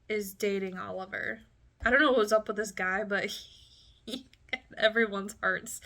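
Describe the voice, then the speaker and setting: Woman vlogger, late twenties, bright voice, reads her old diary with giggles and chatty asides. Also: medium pitch. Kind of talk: casual diary reading with commentary.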